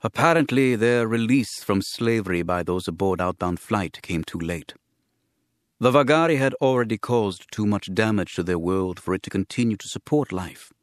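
A man voicing a sober, courtly alien official who speaks in a formal, measured, grave way, read as a scripted audiobook. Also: lowish voice, dry recording, studio quality, natural voice.

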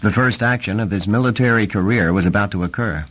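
A man reading a novel aloud as the narrator, telling the story at a steady, even pace. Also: on the low side, quick pace, breathy edge. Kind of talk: scripted audiobook narration. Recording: dull lo-fi recording.

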